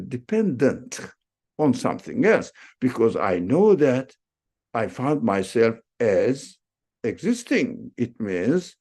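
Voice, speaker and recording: A man teaching a religious lesson in an unscripted, reflective way. His voice has a gravelly edge, and he speaks slowly, often circling back to rephrase a word with a quick "uh". He sits at an ordinary middle pitch. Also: a little mellow. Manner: reflective, repeats and rephrases words, frequent fillers. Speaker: Islamic teacher.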